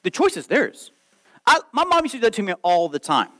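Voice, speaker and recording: Animated high-voiced preaching man. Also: fairly quick, low-quality recording. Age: 30s. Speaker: pastor. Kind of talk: sermon.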